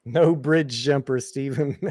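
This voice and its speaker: A man's voice: mid-range voice, slow pace, darkish tone. A man hosting a casual live stream, reading chat aloud in a laid-back, joking way.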